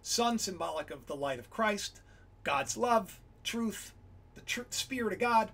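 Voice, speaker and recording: A man hosting a casual livestream about Bible symbolism, rambling and excitable, often breaking off mid-sentence. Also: high-pitched, a little slow, gravelly, breathy edge. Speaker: livestream host.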